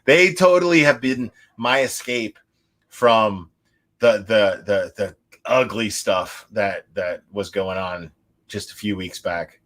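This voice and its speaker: A man's voice: on the low side, slow pace, a bit bright. A man hosting a livestream, chatting casually and a little tipsy, rambling with lots of restarts, laughs and swearing. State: tipsy from drinking. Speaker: livestream host.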